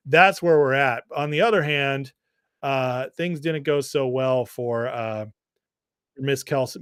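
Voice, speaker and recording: A man with a deep voice hosting a livestream, chatting loosely and reading viewer comments. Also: a bit bright, smooth, dry recording, studio quality. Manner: chatty, laughs often, many fillers and restarts. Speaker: livestream host.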